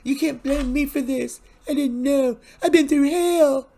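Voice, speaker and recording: A man voicing a distraught young woman who keeps pleading and defending herself in a high, whiny put-on voice, while recapping a soap opera. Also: a little slow, creaky, mellow, full character voice.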